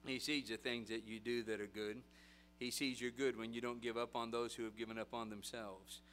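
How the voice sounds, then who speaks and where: A man preaching a sermon in an animated storytelling way, repeating rhetorical phrases in a preaching cadence. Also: medium pitch, brisk, faint music behind. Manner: animated storytelling, acting out voices and shouting.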